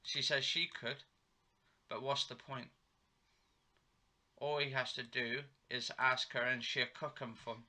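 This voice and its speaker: Man, TV episode recap, rambling play-by-play, very bright sharp tone, mid pitch. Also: fairly even intonation, unhurried, pauses often. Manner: rambling, retells dialogue with "he goes" and "she said". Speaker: TV episode reviewer. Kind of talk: live play-by-play recap while watching.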